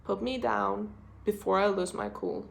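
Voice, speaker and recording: A woman voicing her male pet dog as a raspy, masculine, threatening figure. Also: medium pitch, fairly even intonation, a little slow.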